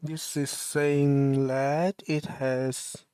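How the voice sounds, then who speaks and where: A man talks himself through his work on a live stream, mumbling and stopping to question himself. He speaks slowly, at a middling pitch. His voice is close and dry, with no room sound. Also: little pitch movement, warm tone, clean tone, dry recording. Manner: mumbling, halting and self-questioning. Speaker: livestreamer. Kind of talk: thinking aloud while programming.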